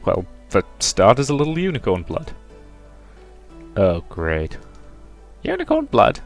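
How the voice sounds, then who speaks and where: A man voicing a wary male alchemist in a put-on American Deep South accent, grumbling and skeptical. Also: wildly swooping pitch, unhurried, gravelly, soft background music, full character voice.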